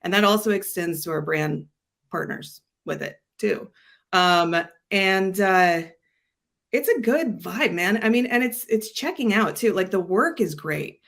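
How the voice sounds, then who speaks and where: A woman's voice: medium pitch, expressive, a little slow, fairly bright tone. A woman guest on an interview chat, talking with rambling enthusiasm and plenty of fillers. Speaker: agency guest.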